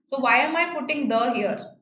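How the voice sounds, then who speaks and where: A woman with an Indian English accent, her voice fairly high, explains grammar patiently, repeating key phrases and checking in with "right?". The sound is slightly muffled and roomy, with a faint hiss behind her. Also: expressive, moderate pace, a bit bright. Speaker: teacher. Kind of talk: online grammar lesson.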